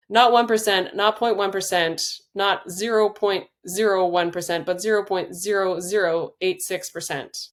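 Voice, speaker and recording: A middle-aged woman author talking earnestly in a podcast interview, with many restarts and fillers, then reading aloud from her book. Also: mid-range voice. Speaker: author and guest.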